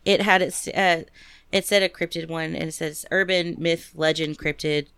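A woman's voice: deep voice, steady tone, moderate pace, gravelly, fairly bright tone, clear, resonant tone, dry recording. A woman co-hosting a podcast, chatting casually and rambling with many fillers and restarts. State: recovering from a cough. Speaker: podcast co-host. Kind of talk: casual chat.

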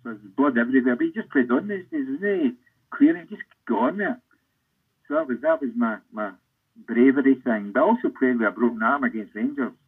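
An older Scottish man, a former footballer, telling rambling anecdotes in an interview with a husky voice. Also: mid-range voice, fairly quick. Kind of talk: storytelling interview. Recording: tinny phone-like line.

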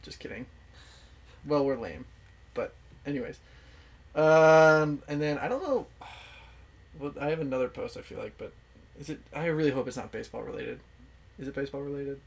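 A man's voice: mid-range voice, animated, moderate pace, gravelly, pauses often. A young man as a podcast guest, chatting casually, laughing easily and explaining things with lots of fillers. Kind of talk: casual chat.

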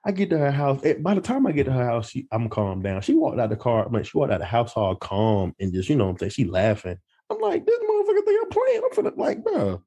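A man's voice: on the low side, fast, few pauses, breathy edge. A young man telling a story in casual chat with friends, acting out the voices of the people in it. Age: young adult. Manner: animated storytelling, mimics others' voices.

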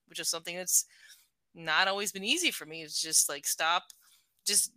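A middle-aged woman in a casual book talk, her voice very bright and sharp. The sound is dry and close, with no room around her. She talks in an animated way, laughs often, and fills her sentences with "like.". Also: lowish voice, dry recording.

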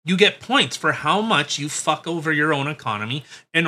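A man's voice: on the high side, animated, normal speed, sharp tone. A man hosting a podcast, talking in a blunt, sarcastic, profane way in casual chat. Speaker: podcast host.

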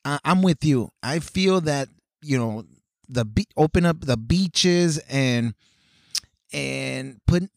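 A man's voice: medium pitch, lively intonation, slow, gravelly, dry recording, clean studio sound. A man co-hosting a podcast, chatting casually with many hesitations and restarts. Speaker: podcast co-host. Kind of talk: casual chat.

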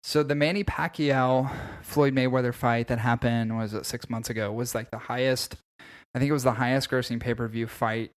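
A man's voice: medium pitch, moderate pace. Opinionated man on a sports podcast. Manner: animated, opinionated, swears freely. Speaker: podcast co-host. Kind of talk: casual podcast chat.

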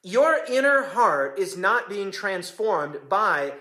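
Middle-aged guy preaching, pretty high voice, gets all fired up and repeats stuff for punch. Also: sing-song, slow pace, bright, forceful tone. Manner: impassioned and emphatic, repeating phrases for effect. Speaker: pastor. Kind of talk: sermon.

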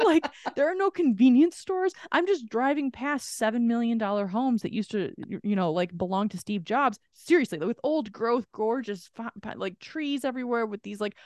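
Brief: animated woman co-host, casual storytelling, salty language, dry close mic. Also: mid-range voice, dry recording. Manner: animated, swears freely, acts out quoted people. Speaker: podcast co-host.

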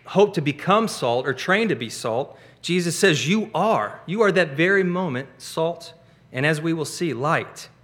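A male pastor preaches with a bright, strong tone and a voice pitched a bit above average. He punches each point with emphatic stresses that climb upward.

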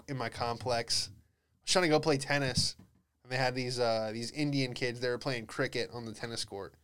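Young man, podcast host, rambling comic monologue, smooth clear voice, mid pitch. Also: fairly bright tone. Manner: rambling, laid-back, acts out voices. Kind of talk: casual comedic monologue.

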